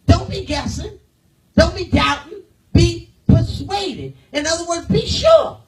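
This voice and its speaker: A woman pastor delivers an emphatic sermon in a high voice, throwing rhetorical questions to her congregation. She swings between loud declarations and hushed, almost whispered lines. Her voice is picked up from some distance in the church. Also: expressive, normal speed, soft background music.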